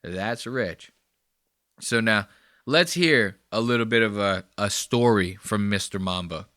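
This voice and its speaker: A man's voice: fairly low pitch, normal speed, bright, forceful tone, clear, resonant tone, dry recording, clean studio sound. Crude rambling man on a podcast. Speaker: podcast host. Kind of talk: profane comedic commentary. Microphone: close podcast mic.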